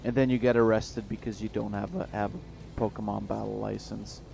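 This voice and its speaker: Low-voiced man rambling on stream. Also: flat delivery, creaky, darkish tone, soft background music. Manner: rambling, profane, halting restarts. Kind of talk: casual stream chat.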